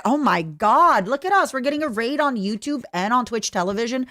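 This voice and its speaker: A young woman with a Canadian accent chatting casually with her stream viewers, jokey and full of quick asides. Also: fairly high pitch, expressive, a bit bright, no echo, studio quality. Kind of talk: casual livestream chat.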